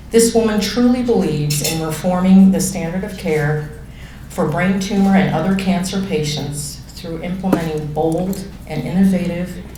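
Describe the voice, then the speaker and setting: Lady giving a formal speech, kinda low voice, far from the mic, big echoey hall w room noise. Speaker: nonprofit treasurer giving a speech. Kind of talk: prepared speech. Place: large banquet room. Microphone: standing mic at a distance.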